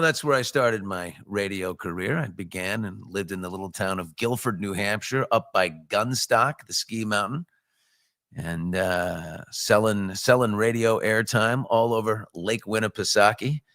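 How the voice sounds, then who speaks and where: A middle-aged man with a low voice hosts a casual morning show, greeting viewers in a bouncy, upbeat way. The sound is dry and close, recorded in a home studio. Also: unhurried, no room sound. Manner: upbeat, shouting out viewers with jumps in pitch. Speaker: host.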